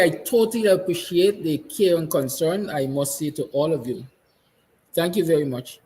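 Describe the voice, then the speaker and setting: A man's voice: a little high, normal speed, low-quality recording. A Guyanese man hosting a morning talk show, delivering an impassioned monologue with emphatic repetition, at times close to tears. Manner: fiery, emphatic, repeats lines; soft, tender passages. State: emotional, near tears. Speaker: host.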